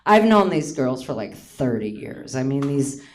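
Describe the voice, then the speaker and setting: A woman's voice: rumbling low, sing-song, a little slow. A woman in her late fifties from Hawaii, performing a self-mocking stand-up comedy set on a theater stage, often laughing at her own lines. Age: 50s.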